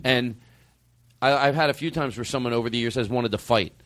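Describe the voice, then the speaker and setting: Animated swearing man hosting a comedy chat. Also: mid-range voice, fairly quick, dry recording. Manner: animated storyteller, swearing, acts out quotes. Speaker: podcast host.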